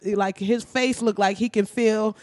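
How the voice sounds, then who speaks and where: A woman's voice: medium pitch, steady tone, measured pace, dry recording, studio quality. A woman telling stories in a rambling, profane comedic monologue. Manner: loud, rambling, profane storytelling with frequent laughs.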